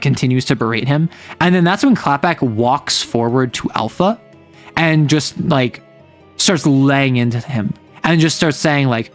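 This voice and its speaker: A man casually retelling a tabletop game session, rambling with lots of filler words. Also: mid-range voice. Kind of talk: casual storytelling recap.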